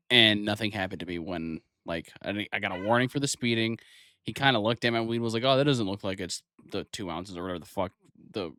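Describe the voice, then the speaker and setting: A man's voice: on the low side, a bit bright, no echo, clean studio sound. A man co-hosting a casual podcast, laid-back and profane, sharing his own story. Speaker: podcast co-host. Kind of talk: casual chat.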